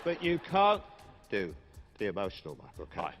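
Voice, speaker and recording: A man's voice: fairly low pitch, huge pitch swings, normal speed, creaky, fairly bright tone, faint music behind, voice pushed down, heavily acted. A man doing comic banter, talking over his partner and bickering. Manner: interrupting, bickering. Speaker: comedian.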